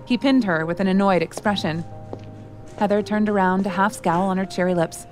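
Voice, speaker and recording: A woman reading scripted audio drama narration in a steady, even manner. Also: medium pitch, normal speed, music in the background.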